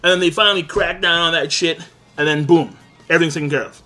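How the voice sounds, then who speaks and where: A young man with a high voice rants excitedly in a casual review. He swears all the time and jumps from loud shouts to low mutters. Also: quick pace, soft background music. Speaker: anime reviewer.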